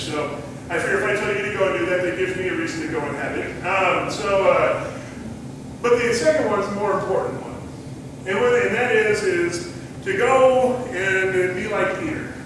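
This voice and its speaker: Male pastor, high voice, relaxed storytelling sermon, distant mic in a reverberant sanctuary. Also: noisy background. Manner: conversational storytelling, retelling scripture in plain words. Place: church sanctuary. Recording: echoey church hall from a distant mic.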